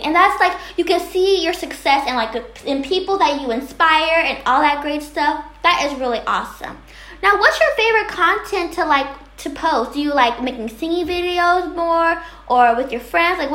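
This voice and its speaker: A woman with a high, bright voice hosts a casual interview. She heaps on enthusiastic praise and circles around her questions. The room around her sounds noticeably echoey. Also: lively intonation, moderate pace. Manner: bubbly, gushing praise, rambling questions.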